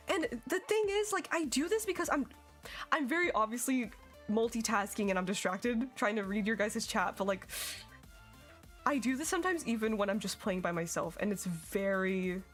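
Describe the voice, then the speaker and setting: A young woman streaming a game, chatting casually and giggling as she reads her chat. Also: fairly high pitch.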